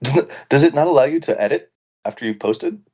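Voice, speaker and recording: A man's voice: mid-range voice, lively intonation, fast, darkish tone. A man co-hosting a casual podcast chat, joking and rambling, laughing often. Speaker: podcast co-host.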